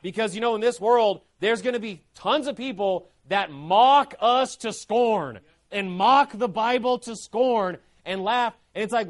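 High-voiced fervent male preacher. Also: unhurried. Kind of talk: sermon.

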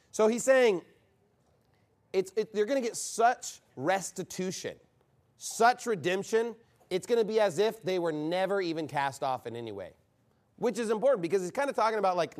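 A man's voice: sits high, expressive, moderate pace. A man preaching a fiery, combative sermon from the pulpit. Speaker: pastor.

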